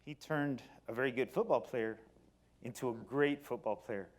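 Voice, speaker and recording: A middle-aged man giving a personal storytelling talk on stage, animated, moving between loud excited bursts and quiet low passages. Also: normal speed. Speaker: company speaker. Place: stage before an audience.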